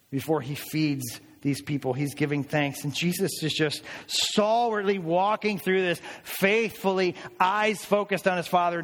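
A man preaching a sermon as a pastor, in an animated, conversational way, acting out people's voices as he tells the story. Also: on the high side, long reverb tail. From United States.

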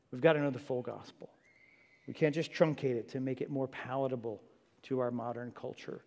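Man preaching in a reverberant hall. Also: a little high. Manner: earnest, conversational preaching with asides. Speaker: pastor. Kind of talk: sermon.

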